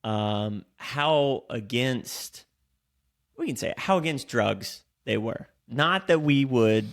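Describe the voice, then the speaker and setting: A man's voice: mid-range voice, animated, slow pace. A young man co-hosting a podcast, telling stories in casual chat, swearing freely and acting out what people said. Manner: storytelling with lots of swearing and acted-out quotes. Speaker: podcast co-host.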